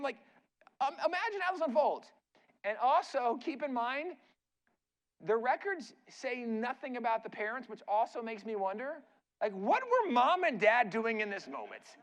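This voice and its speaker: High-voiced man telling a chatty sermon story. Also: sing-song, normal speed. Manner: casual, chatty, uses "like" and "right?" asides. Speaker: guest speaker. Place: church.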